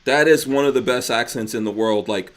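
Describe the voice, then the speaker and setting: A man's voice: medium pitch, brisk. A man hosting a podcast in casual chat, joking and teasing his guest and laughing often. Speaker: podcast host.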